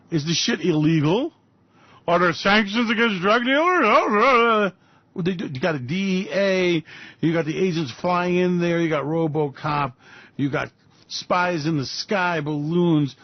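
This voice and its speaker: A man's voice: sits high, no room sound. Profane, sarcastic ranting man. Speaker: radio show host. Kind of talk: ranting market commentary. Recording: dull dry lo-fi recording.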